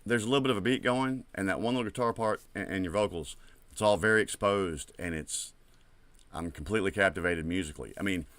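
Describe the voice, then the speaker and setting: A man's voice: deep voice, fast talker, fairly bright tone, no echo. A man hosting a music reaction show, talking casually and rambling with frequent swearing as he comments on a track.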